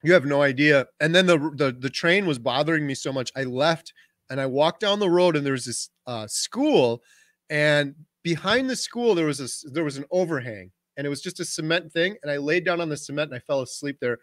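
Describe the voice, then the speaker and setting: Man in his 40s, livestream host, lively storyteller, fairly high voice, dry close sound. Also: brisk, no room sound. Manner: animated storytelling, talks over his wife. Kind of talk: casual livestream chat.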